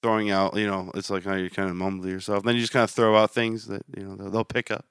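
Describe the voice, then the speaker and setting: Low-voiced guy cohosting a podcast, deadpan jokes, super dry recording. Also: fast, clean tone, no room sound. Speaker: podcast co-host. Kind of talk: casual chat.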